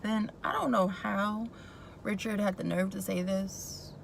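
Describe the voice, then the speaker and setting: Gossipy woman with a gravelly voice. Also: medium pitch, fairly even intonation, unhurried, slight background noise, poor audio. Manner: gossipy and opinionated, chatty asides. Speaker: YouTube recap vlogger. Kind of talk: casual TV recap commentary.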